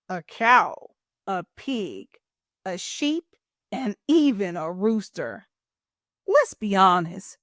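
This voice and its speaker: A woman hosting a children's storytime, reading a picture book aloud in a playful, expressive way. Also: medium pitch, no room sound, studio quality. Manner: expressive, playful, drawn-out delivery.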